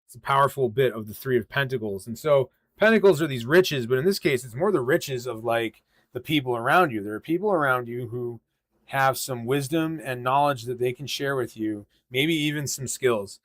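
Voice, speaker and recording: A man giving live tarot readings in a loose, easygoing way, drifting through his thoughts with frequent ums and uhs. His voice sits at an ordinary middle pitch. The sound is dry and close, with no room echo. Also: normal speed. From western Massachusetts. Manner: relaxed, rambling, many ums and uhs. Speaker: tarot reader hosting a livestream. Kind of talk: casual livestream tarot reading.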